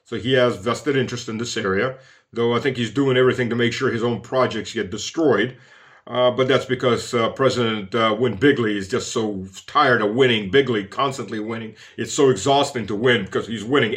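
A man's voice: mid-range voice, expressive, brisk, a bit bright. Sarcastic male political commentator. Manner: mocking, sardonic, full of fillers.

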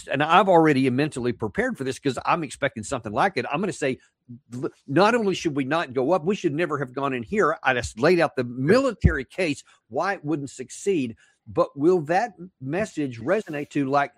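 A man hosting an interview, halting and restarting as he thinks aloud. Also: a little high, animated, breathy edge, dry recording. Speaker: host.

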